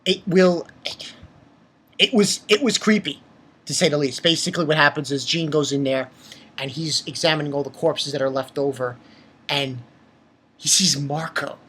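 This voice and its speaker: A woman giving an excited anime episode review, talking in an animated way with exclamations and swearing. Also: low voice, breathy edge.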